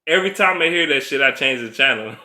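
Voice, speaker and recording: Man vlogger, profane casual rant, bright edgy voice, roomy echo. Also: medium pitch, lively intonation, a little fast. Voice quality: blunt, profane, laughs often.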